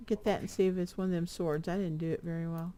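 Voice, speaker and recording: A woman's voice: on the low side, steady tone, quick pace, mellow. An older woman chatting casually while playing a game with her husband, often reading quest text aloud. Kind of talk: casual gameplay chat.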